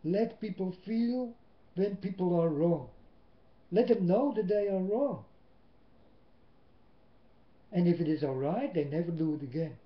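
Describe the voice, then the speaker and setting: A man whose first language is Dutch, preaching a sermon in English into a webcam at home, slow and emphatic, swinging between loud and soft. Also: high voice, expressive. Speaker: lay preacher. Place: indoors at home. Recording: roomy, dull webcam audio.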